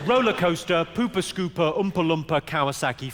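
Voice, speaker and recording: A man performing a stand-up routine to a live audience, delivering deadpan punchlines. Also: fairly high pitch, fairly quick, hardly any pauses. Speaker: stand-up comedian. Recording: noisy clip from a stage show. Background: audience laughter.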